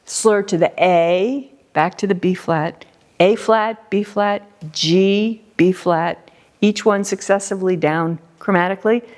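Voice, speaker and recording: A woman's voice: medium pitch, fairly even intonation, unhurried, darkish tone. A middle-aged woman teaching a flute masterclass, coaching a student and singing short syllables to show how a phrase should move.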